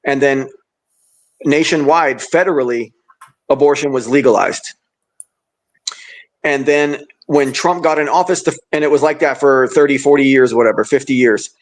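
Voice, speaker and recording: Calm man explaining. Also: mid-range voice, normal speed, pauses often. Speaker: podcast guest. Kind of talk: casual chat.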